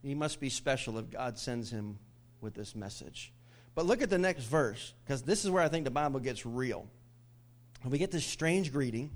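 A man's voice: mid-range voice, moderate pace. A middle-aged male pastor preaching a sermon to his church, telling stories with jokes and laughter. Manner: animated storytelling with jokes and laughs.

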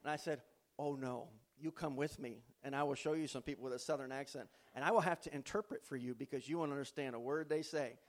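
A man's voice: mid-range voice, quick pace. A male pastor preaching a homecoming sermon in a church, telling stories with folksy humor and preacher's emphasis. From not from the American South.

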